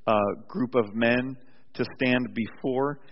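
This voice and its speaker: A male pastor preaching a sermon with animated storytelling, often restarting his sentences, in a church sanctuary. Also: mid-range voice, takes it slowly. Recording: dull recording with long hall reverb.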